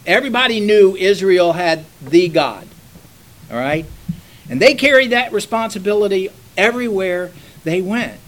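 A man's voice: sits high, a bit bright, poor audio. An older man, a pastor preaching a sermon in a folksy storytelling manner that rises into fervent exhortation.

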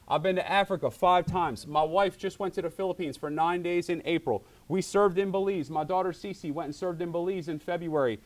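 Speaking with a fairly high pitch, a middle-aged pastor delivers a sermon to his congregation. He's animated and performs the voices of the people he quotes.

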